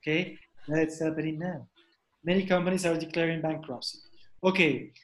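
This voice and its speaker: A man's voice: on the high side, fairly even intonation, normal speed. Guy teaching english on a video call, keeps repeating words for students, roomy echo. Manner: repeats questions, drills pronunciation. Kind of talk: online class teaching.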